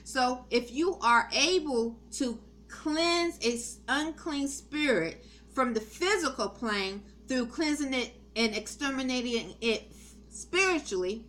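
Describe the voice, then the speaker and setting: A woman's voice: fairly high pitch, fairly bright tone. A middle-aged woman giving a spiritual testimony in a meandering, earnest way, with many ums and restarts. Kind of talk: rambling spoken testimony.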